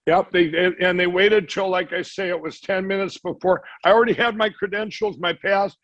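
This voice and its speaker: A man with a fairly high voice tells a rambling story, slipping into the voices of the people he quotes. The sound is dry and close, with slightly dull audio. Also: fairly even intonation, fairly quick, a bit bright, no echo. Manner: rambling, acts out quoted dialogue. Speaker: guest. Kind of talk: storytelling in a conversation.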